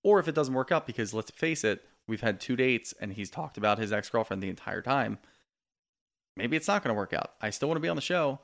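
A man's voice: mid-range voice, brisk, creaky. A man co-hosting a podcast, chatting casually and retelling scenes with quoted lines. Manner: relaxed storytelling, quotes people in lively bursts. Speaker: podcast co-host. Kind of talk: casual chat recapping reality TV.

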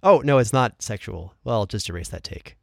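A man's voice: on the low side, expressive, moderate pace, vocal fry, dry recording. A man rehearsing lines between takes, making dry, wry asides as he tries different readings. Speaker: voice actor.

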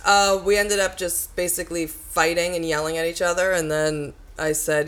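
A woman's voice: lowish voice, normal speed, few pauses. A woman in casual chat, heatedly retelling a fight with lots of swearing. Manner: heated, profane, animated retelling. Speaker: storyteller in a group chat.

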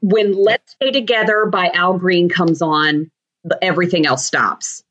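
A woman's voice: fairly low pitch, measured pace, lo-fi sound. A woman guest in a casual interview chat, telling stories and laughing easily. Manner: warm storytelling, laughs easily. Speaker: guest, TV shopping host.

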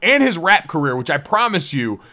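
A man's voice: a little high, big pitch swings, a little fast, pushed and bright. A young man hosting a sports podcast, chatting casually with energy and a joking, loose manner. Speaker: podcast host.

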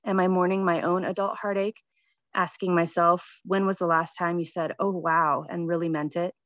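A woman with a low voice reads her personal essay in a gentle, reflective way. The recording is dry and close, with a slightly muffled, dull tone. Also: little pitch movement, moderate pace, no room sound.

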